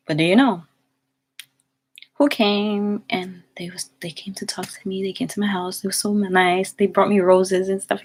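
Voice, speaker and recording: A woman's voice: low-pitched, vocal fry. A young woman casually telling a personal story, rambling with many fillers and restarts. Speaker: vlogger.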